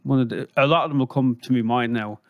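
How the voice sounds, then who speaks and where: An Irish man recounting anecdotes in a casual podcast chat, his voice sitting at an ordinary middle pitch. He rambles from one story to the next, lifting into animated quoted voices along the way. The recording is close and dry. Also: fast talker, dry recording, phone-quality sound. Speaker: guest.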